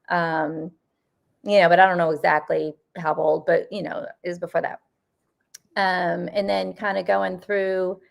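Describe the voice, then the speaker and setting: A woman in her fifties from the US Northeast, a paranormal investigator telling stories in a casual interview, rambling with lots of fillers and quick laughs. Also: on the low side, vocal fry. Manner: rambling, full of "you know" and "like", laughs often.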